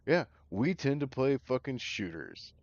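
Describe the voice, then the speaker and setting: A man's voice: mid-range voice, big pitch swings, unhurried, dry recording. A laid-back, profane man in casual chat as a gaming podcast co-host. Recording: dull lo-fi, dry.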